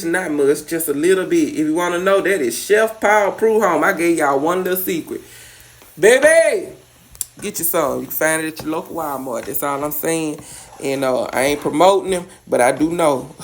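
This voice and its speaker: A woman with a Louisiana accent, chatting sassily while demonstrating a recipe in a home kitchen. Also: sits low. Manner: sassy, chatty, coaxing. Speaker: home cook. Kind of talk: cooking demonstration. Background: faint sizzling pan.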